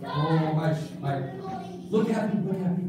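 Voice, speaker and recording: Playful male children's pastor, lively voice, echoey hall, distant mic, noisy. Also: fairly high pitch, measured pace. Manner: playful, animated, mock-solemn. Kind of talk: kids church puppet skit. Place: large echoey church room. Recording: echoey room from far off, noisy.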